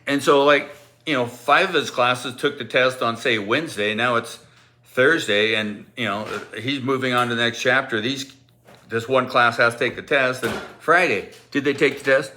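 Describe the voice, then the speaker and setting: A male teacher telling a funny anecdote in a casual, animated way, laughing often and acting out the kids' voices. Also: on the low side, moderate pace.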